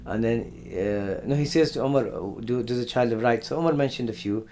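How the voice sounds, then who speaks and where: A man giving a conversational religious lesson. He often repeats words and clears his throat. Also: mid-range voice, fairly quick, over music. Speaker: Islamic teacher. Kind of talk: religious lesson on Quran stories.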